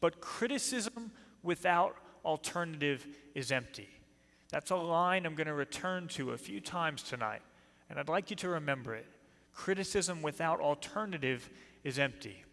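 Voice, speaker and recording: A man's voice: a little high, animated, moderate pace, fairly bright tone. A man with a New Jersey accent giving an emphatic apologetics talk in a church, putting rhetorical questions to the audience. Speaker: speaker. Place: church hall. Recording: long reverb of a church hall.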